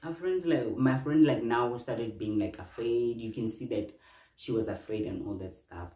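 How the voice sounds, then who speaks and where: Animated young man vlogging. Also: medium pitch, moderate pace. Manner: animated, exclamatory, chatty asides to viewers. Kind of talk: storytime vlog. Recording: roomy room with faint noise.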